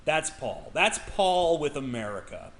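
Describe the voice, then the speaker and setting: A man ranting on a casual vlog in a heated, argumentative way, with a lot of swearing. His voice is fairly high and bright with an edge. He stammers and restarts as he pushes his point. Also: big pitch swings, measured pace. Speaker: vlogger.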